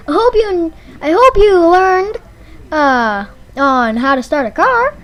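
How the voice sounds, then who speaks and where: A woman giving absurd mock driving advice in a rambling, halting way, full of fillers and deadpan jokes, in a car showroom. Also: very high-pitched. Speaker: vlogger. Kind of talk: joking mock tutorial.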